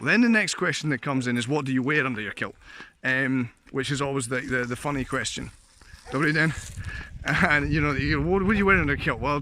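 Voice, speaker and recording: A man's voice: medium pitch, pushed and bright, a little hiss or hum. A Scottish man vlogging in a casual, jokey monologue, full of fillers and laughs. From Scotland. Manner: chatty, jokey, laughs often, many fillers. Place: living in a Slovak village.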